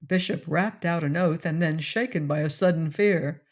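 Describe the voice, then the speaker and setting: A woman narrating an audiobook of a classic adventure novel in a steady storytelling read. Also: low voice, normal speed, few pauses. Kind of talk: scripted narration.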